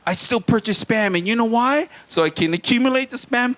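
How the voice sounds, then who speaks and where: A man's voice: very high voice, brisk, few pauses, fairly bright tone. A man from Hawaii doing a live stand-up routine in a small comedy venue, with crude jokes and playful banter with the crowd.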